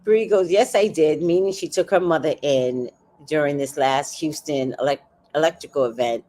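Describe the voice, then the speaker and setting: A woman's voice: sits low, normal speed, warm tone. A woman in her fifties hosting a livestream, telling a family story in casual chat. She acts out the people she quotes, laughs often and swears freely. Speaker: livestream host.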